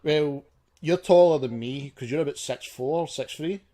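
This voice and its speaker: A man co-hosting a podcast, chatting casually, excitable and quick to laugh and swear. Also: fairly high pitch. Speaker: podcast co-host. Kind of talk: casual chat.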